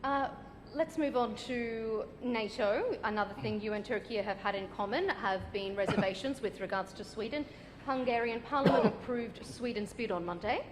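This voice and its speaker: Woman interviewer, probing and pressing, higher voice, echoing hall, faint ambient noise. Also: moderate pace. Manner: probing, presses follow-up questions. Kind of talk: broadcast news interview.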